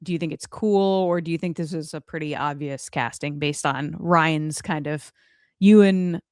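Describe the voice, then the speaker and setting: A woman's voice: deep voice, moderate pace, smooth, no echo, clean studio sound. A woman hosting a casual podcast chat, leading the talk with chatty asides. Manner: chatty, leads the discussion with asides. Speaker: podcast host.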